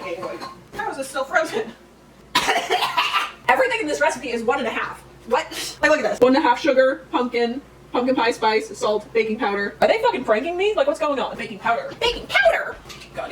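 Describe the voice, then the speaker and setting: A man's voice: high-pitched, fairly bright tone. Rambling, self-mocking young man vlogging. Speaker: baking vlogger. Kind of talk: casual solo vlog chat while baking. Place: home kitchen. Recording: roomy, distant, noisy home recording.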